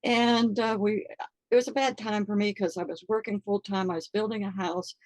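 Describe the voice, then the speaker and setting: Earnest older woman, halting storytelling. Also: medium pitch, fairly even intonation, a little mellow, no echo, poor audio. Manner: halting, filler-heavy, earnest. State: close to tears. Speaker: interview guest. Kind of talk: personal storytelling.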